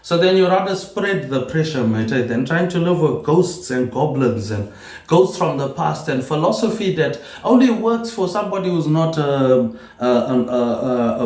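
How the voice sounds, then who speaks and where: A man rambling through a solo vlog monologue, repeating words and tagging his lines with a low "mate, eh". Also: a little mellow. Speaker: vlogger. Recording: roomy echo.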